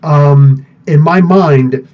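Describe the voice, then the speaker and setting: A man with a fairly high voice speaks very slowly on his live podcast stream, answering viewers in a casual, rambling, animated way and laughing often. The sound quality is dull and lo-fi.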